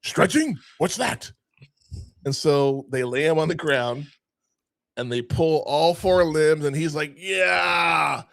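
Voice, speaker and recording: Animated, foul-mouthed man recapping a film. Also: on the high side, measured pace, no echo, studio quality. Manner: animated retelling, profane, acting out character voices. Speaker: podcast co-host, film critic. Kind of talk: casual chat recapping a film.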